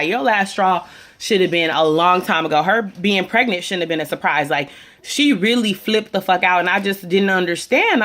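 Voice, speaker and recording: A woman's voice: mid-range voice, a bit bright. A woman giving a casual opinion recap to camera, blunt, sassy and full of swearing. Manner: blunt, profane, sassy, chatty. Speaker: reality TV recap vlogger. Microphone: camera mic.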